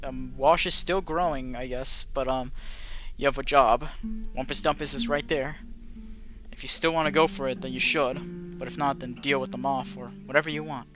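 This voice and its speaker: A man's voice: mid-range voice, fairly even intonation, moderate pace, music in the background. A man narrating as game master of a tabletop game, casual and rambling, with frequent swearing.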